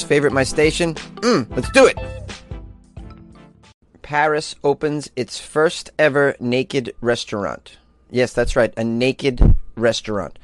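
A man hosts a weird news show and reads each strange story before cracking jokes about it. He delivers it in an animated, laughing way and sits at a medium pitch. The sound is dry and close, with no room echo. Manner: animated, jokey, laughs at his own lines. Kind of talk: comedic news commentary.

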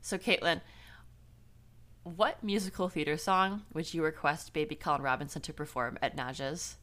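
A young woman co-hosts a casual podcast in a slightly low voice with a bright, sharp edge. Her enthusiasm is playful, and she likes dramatic overstatement. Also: fairly even intonation, normal speed. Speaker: podcast co-host. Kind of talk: casual chat.

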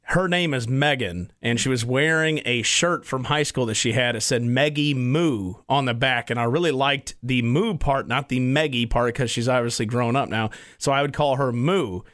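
A man's voice: medium pitch, normal speed, hardly any pauses, fairly bright tone, dry recording. Easygoing man with a dry sound. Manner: easygoing storyteller, laughs at himself. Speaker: co-host. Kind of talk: casual chat.

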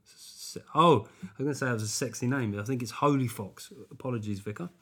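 A man's voice: mid-range voice, fast talker, a bit bright, husky. A tired man hosting a podcast, casual and chatty, swearing and mocking himself. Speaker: podcast host. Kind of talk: casual chat.

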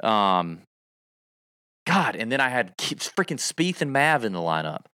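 A man chatting casually on a podcast, his speech loose and rambling as he pokes fun at his own picks. His voice is bright and lively, with a lot of movement in pitch. The sound is close and dry. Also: a little slow, clear, resonant tone, no echo. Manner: loose, rambling, self-deprecating. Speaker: podcast co-host. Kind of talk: casual sports betting chat.

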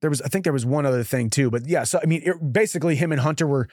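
A man's voice: fairly high pitch, racing, darkish tone, no room sound, studio quality. A man in his thirties hosting a casual podcast chat, rambling and restarting his sentences. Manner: chatty, rambling with frequent restarts. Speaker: show host.

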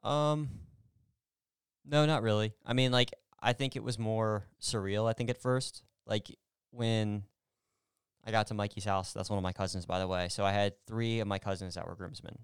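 A man's voice: on the low side, fairly even intonation, moderate pace, clear, resonant tone, dry recording, clean studio sound. A man in a casual couple chat, laid-back and hesitant, with lots of fillers. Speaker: podcast co-host.

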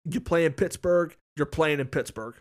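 Speaking at normal speed with a fairly high pitch, a male co-host chats casually into a podcast mic about sports, rambling, repeating himself and cursing without restraint.

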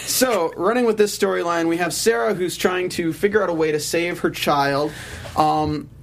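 A man hosting a casual podcast, recapping a TV episode with jokes and quick put-on voices for the characters. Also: sits high, steady tone, gravelly, slight background noise. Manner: acts out characters' lines in quick jokey voices. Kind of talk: casual chat, comic plot recap.

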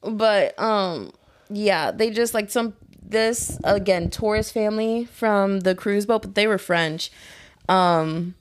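A young woman telling stories in casual chat, blunt and profane, with an animated storyteller's delivery. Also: medium pitch, takes it slowly, slight background noise.

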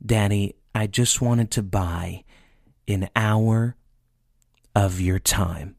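A man voicing a pleading four-year-old boy who asks his father questions softly and hesitantly. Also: lowish voice, fairly even intonation, extremely slow, vocal fry, no room sound, full character voice. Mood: hopeful.

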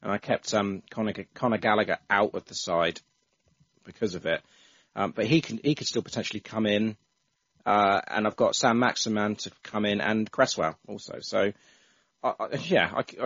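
A man's voice: fairly low pitch, no echo, dull audio. A man hosting a casual football podcast, chatting with frequent restarts. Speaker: podcast host.

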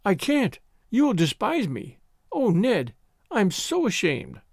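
A man's voice: sits high, huge pitch swings, moderate pace, no echo, clean studio sound. A man voicing a distraught young woman who sobs and pleads in a raised, wavering voice. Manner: sobbing, wailing, breathless pleading.

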